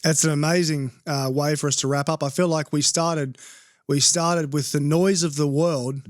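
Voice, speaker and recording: A man's voice: on the high side, fairly even intonation, moderate pace, dry recording, studio quality. A man hosting a podcast who chimes in with short affirmations and wraps up the conversation. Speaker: podcast host. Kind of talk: casual interview chat.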